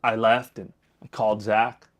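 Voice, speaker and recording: A man's voice: on the low side, moderate pace. A man from Los Angeles, a podcast guest, telling a story in casual, loose talk full of fillers and acted-out dialogue. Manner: animated, acts out quoted dialogue, loose filler-heavy phrasing.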